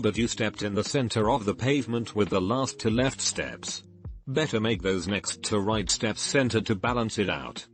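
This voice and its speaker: Male narrator, low register, steady scripted read, soft music underneath. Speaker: narrator reading online posts.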